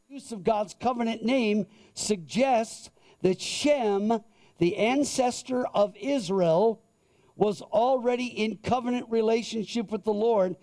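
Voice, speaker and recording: A male pastor with a high, mellow voice delivers a sermon. He talks at an unhurried pace and draws out the scripture he reads so each phrase lands. His tone is soft and warm rather than bright. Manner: slow, deliberate scripture reading.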